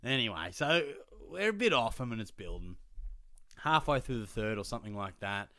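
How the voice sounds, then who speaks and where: A man's voice: fairly low pitch, very animated, normal speed, a bit bright, dry recording, clean studio sound. A young Australian man hosting a podcast, telling a story in casual, blokey banter with plenty of swearing. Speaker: podcast host.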